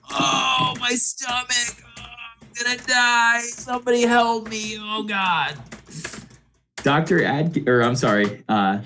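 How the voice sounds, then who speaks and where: A man's voice: on the low side, a little hiss or hum. A man narrating as game master of a tabletop game, laid-back, with many fillers and restarts.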